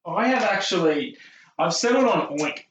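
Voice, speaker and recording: A man's voice: sits high, lively intonation, normal speed, fairly bright tone, a little hiss or hum. A young man co-hosting a racing podcast, rambling through his picks and laughing often. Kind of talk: casual tipping chat. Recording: roomy, distant, dull sound.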